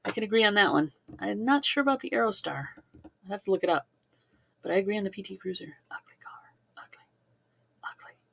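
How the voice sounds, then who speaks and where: Midwestern lady cohost goofing around, bright husky voice. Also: medium pitch, lively intonation, brisk, pauses often. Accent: Midwestern American. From American Midwest. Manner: playful, laughs a lot, repeats words for fun. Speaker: co-host. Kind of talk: casual chat.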